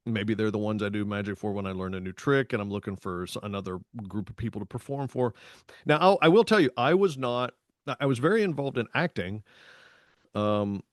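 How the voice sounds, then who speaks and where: A man, co-hosting a podcast and telling stories in a lively, casual way, acting out the voices in his stories. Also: lowish voice, no room sound, clean studio sound. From Tennessee, US. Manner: animated storytelling with voiced quotes. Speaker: podcast co-host. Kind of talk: casual chat.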